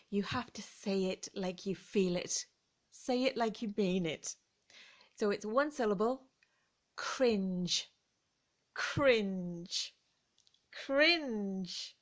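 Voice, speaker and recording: A woman with an English accent teaching an English word in a slow, deliberate lesson, savoring each word and acting out examples. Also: mid-range voice, darkish tone. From England. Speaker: English teacher and vocal coach.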